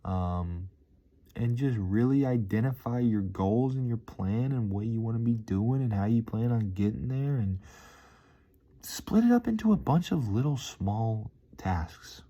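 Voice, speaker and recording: A man's voice: lowish voice, warm tone. A man vlogging in a rambling, laid-back, slangy casual monologue with life advice.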